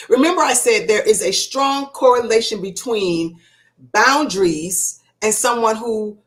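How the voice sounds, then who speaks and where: Animated woman coaching, storytelling style. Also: on the high side, measured pace. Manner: animated storytelling, acts out quoted dialogue. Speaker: success coach and host. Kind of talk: casual livestream coaching talk.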